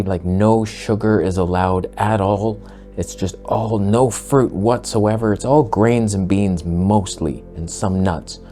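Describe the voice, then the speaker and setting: A man talking casually to camera as a vlogger, blunt, sarcastic and excitable. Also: sits low.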